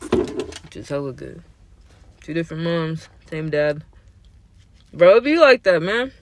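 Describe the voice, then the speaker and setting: Slangy high-voiced young man. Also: big pitch swings, unhurried, heavy background noise. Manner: slangy and profane, heated when worked up. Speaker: podcast host. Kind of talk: casual chat.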